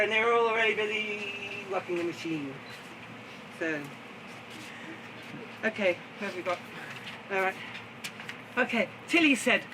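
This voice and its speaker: A fairly high-pitched man performs stories live in an outdoor garden, chatty and theatrical, with laughter never far away. He sounds set back from the mic, and steady background noise runs under his voice. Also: normal speed. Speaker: storyteller. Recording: distant, noisy outdoor recording.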